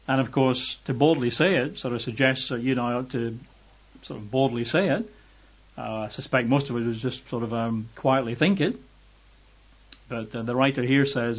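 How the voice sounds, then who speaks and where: A man preaching a sermon at an unhurried pace, pausing on fillers and slowing down to quote scripture. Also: medium pitch, slightly rough. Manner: unhurried, hesitant with fillers, slows and lifts when quoting scripture. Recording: dull lo-fi sound.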